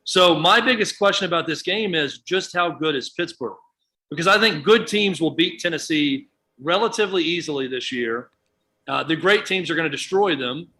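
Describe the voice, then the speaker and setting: Bright-voiced male sports commentator. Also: fairly high pitch, normal speed. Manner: thoughtful, reasons things through aloud. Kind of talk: sports talk radio.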